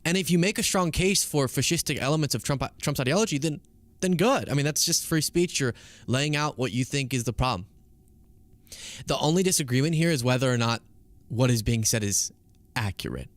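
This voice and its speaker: A man's voice: mid-range voice, lively intonation, brisk, dry recording. A man streaming casual political commentary, arguing emphatically and with sarcasm.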